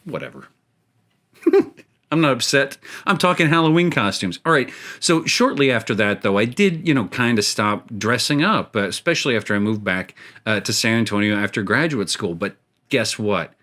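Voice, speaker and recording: A man's voice: lowish voice, animated, normal speed, pushed and bright. A middle-aged man hosting a gaming show, telling a rambling, self-mocking story while he plays and often laughing at his own jokes. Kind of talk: casual storytelling while playing a game.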